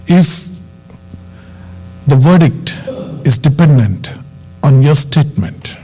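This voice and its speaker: A man's voice: fairly high pitch, lively intonation, mellow, husky, low-quality recording. A man preaching a sermon and leading a closing prayer in church, stressing short phrases and repeating them. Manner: slow, emphatic repetition of short phrases.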